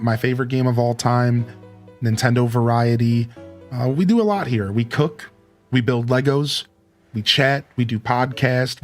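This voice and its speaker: A man streaming a cozy building game, chatty and upbeat as he thinks aloud about his choices. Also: medium pitch. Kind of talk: let's play commentary.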